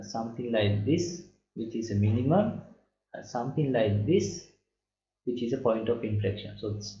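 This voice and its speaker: A man teaching math in a recorded lecture, explaining slowly and checking in with "right?" again and again. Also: fairly low pitch, vocal fry, darkish tone. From Sri Lanka. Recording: lo-fi echoey room.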